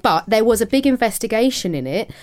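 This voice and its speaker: A woman's voice: fairly high pitch, expressive, a little fast, a little mellow. A woman co-hosting a podcast in casual chat, talking freely with restarts and the odd swear. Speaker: podcast co-host.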